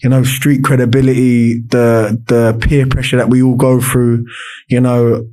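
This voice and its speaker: A man's voice: mid-range voice, level tone, a little slow, darkish tone. A man, a podcast guest telling his life story in casual talk, with many restarts and fillers.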